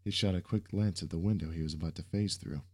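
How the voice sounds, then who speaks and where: A man reading a story aloud as its narrator, with a steady storytelling manner. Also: sits low, fast. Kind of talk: audiobook narration.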